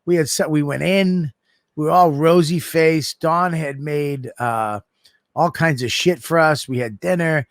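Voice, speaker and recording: A middle-aged man co-hosting a podcast, telling animated, profane stories in casual chat. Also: a little high, measured pace, no room sound, studio quality. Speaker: podcast co-host.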